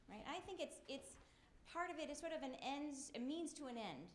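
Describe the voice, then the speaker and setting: Conversational woman speaker, slightly high. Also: slight background noise. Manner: conversational, often tags "right?". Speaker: speaker at a spiritual summit. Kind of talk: storytelling talk. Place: event room. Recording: roomy echo.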